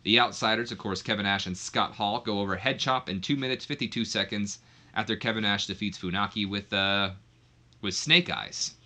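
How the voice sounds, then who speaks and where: Man, casual game commentary, bright voice, chatty, offhand. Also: fairly low pitch, fairly even intonation, normal speed. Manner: chatty, offhand, with fillers and asides. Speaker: let's play commentator.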